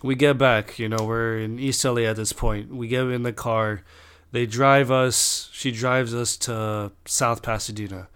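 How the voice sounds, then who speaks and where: A man's voice: medium pitch, fairly even intonation, unhurried, fairly bright tone, smooth. A young man telling a long personal story in a rambling, casual way, swearing constantly and restarting his sentences.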